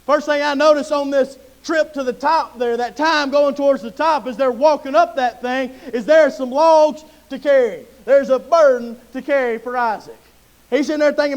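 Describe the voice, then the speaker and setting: A man's voice: very high-pitched, normal speed. A man from Mississippi with a Southern accent preaching a sermon in a church, telling folksy stories in plain Southern talk. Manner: folksy storytelling with Southern slang. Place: church sanctuary.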